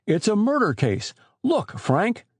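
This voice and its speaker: A man voicing an eager, excitable teenage boy detective who exclaims his lines, in an audiobook. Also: high voice, slow pace, breathy edge, dry recording, voice pushed up, exaggerated voice. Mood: excited.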